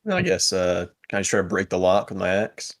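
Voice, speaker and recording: A man playing a tabletop game, speaking slowly and unsure, half mumbling his moves. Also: sits low, sing-song, no room sound. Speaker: player.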